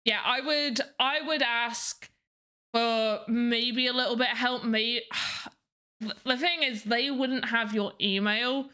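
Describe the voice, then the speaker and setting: Young woman streaming, chatty and self-mocking, slow talker with a highish voice. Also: steady tone, pushed and bright, clean tone. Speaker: livestream host. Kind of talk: casual livestream chat.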